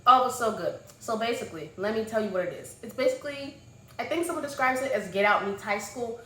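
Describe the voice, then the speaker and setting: A woman's voice: fairly high pitch, fast. Gushing young woman, echoey room. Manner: gushing and animated, swings between soft murmurs and loud exclamations. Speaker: book vlogger. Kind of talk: casual book review chat. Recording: echoey room with faint noise.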